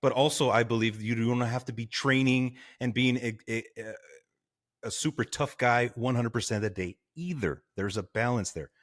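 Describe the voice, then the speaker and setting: A man who is a guest on a podcast, telling a story in a casual, animated way and acting out the people he quotes. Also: medium pitch, normal speed. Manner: animated, laughing, acts out quotes. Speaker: guest, firefighter.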